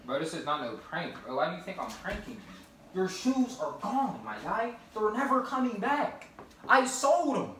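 A man's voice: sits high, sing-song, moderate pace, bright, forceful tone. A young man pulling a prank on his brother, teasing and taunting him in casual banter. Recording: roomy, far from mic, faint noise.

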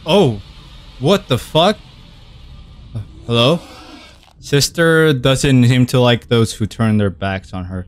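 Young dude ranting and freaking out over a scary game, mid-pitched voice, cusses a lot, jumps at everything. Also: male voice. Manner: jumpy, swears a lot, easily startled; rambling, self-mocking venting. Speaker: gaming video creator. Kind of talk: horror game commentary.

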